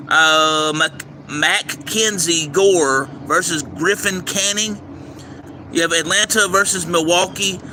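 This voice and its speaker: Bright-voiced man reading baseball picks outdoors. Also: sits high. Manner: reads schedules in a steady list, stumbles over names. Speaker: livestream host giving baseball picks. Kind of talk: casual livestream commentary. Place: outdoors near a railway. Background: faint traffic and train noise.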